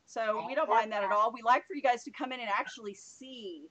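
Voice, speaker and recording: Woman, live-stream co-host, casual chat, bubbly, giggly, bright tone. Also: fairly high pitch, a little fast.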